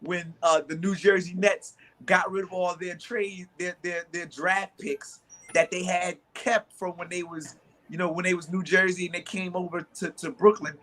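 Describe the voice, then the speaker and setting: A man's voice: high-pitched, flat delivery, moderate pace, sharp tone, a little hiss or hum. A man, co-hosting a sports talk show and telling long stories with many restarts, acting out both sides of an argument. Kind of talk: animated storytelling in casual chat.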